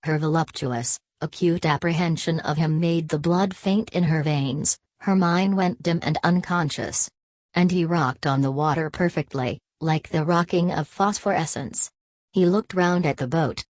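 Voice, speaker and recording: A woman narrating a classic novel as an audiobook, reading in a measured, even way. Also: sits low, dry recording. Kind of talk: scripted narration.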